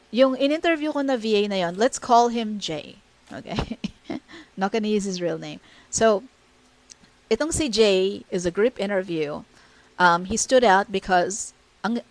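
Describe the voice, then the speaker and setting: A woman with a Filipino accent giving casual, blunt advice on interviewing virtual assistants, switching freely between English and Tagalog with plenty of fillers. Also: mid-range voice.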